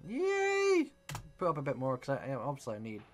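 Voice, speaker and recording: A young man commentating on a horror game, excitable, swearing constantly and yelping at scares. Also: mid-range voice, rapid-fire, faint music behind. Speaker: gaming video creator.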